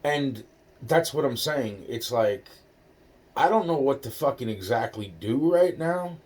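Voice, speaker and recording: A man's voice: mid-range voice, lively intonation, unhurried, darkish tone, distant mic. A man in his forties telling a personal story in a rambling, profane way, often repeating himself.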